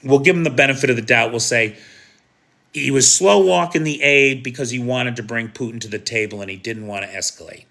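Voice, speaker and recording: A man's voice: mid-range voice, a little fast, vocal fry, bright, forceful tone. An American man giving live, opinionated news commentary in a conversational way, often asking "right?". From United States.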